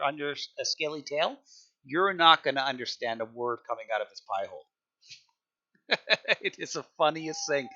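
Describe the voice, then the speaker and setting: A man's voice: medium pitch, bright, forceful tone, dull audio. A man chatting casually on a live game stream as a server admin, rambling, repeating himself and often laughing.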